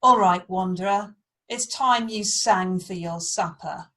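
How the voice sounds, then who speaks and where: A woman playing a loud commanding warrior king. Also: medium pitch, slow.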